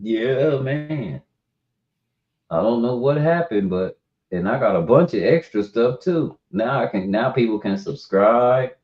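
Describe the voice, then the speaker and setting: A man's voice: medium pitch, animated, a little slow. A man hosting a live stream, chatting casually and telling loose, rambling stories. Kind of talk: casual chat. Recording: dull lo-fi stream audio.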